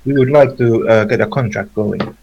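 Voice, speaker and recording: A man playing a tabletop game who speaks in a slow, halting way. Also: fairly low pitch, darkish tone, slight background noise. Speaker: player. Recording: dull lo-fi mic.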